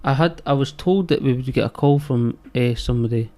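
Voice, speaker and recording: A man's voice: medium pitch, brisk, dark tone. A man co-hosting a casual podcast, laid-back, answering with short agreeing replies and some swearing. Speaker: podcast co-host. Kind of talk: casual chat.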